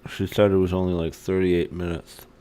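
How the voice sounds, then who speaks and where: A man's voice: deep voice, little pitch movement, a little fast, mellow, clear, resonant tone. A man chatting casually on a live stream just after having his wisdom teeth out, a rambling storyteller who laughs a lot.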